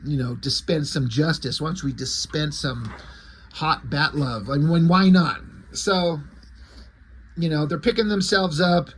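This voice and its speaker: A man reviewing a comic book in a casual recap, crude, excitable and sarcastic. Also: fairly high pitch, a little hiss or hum.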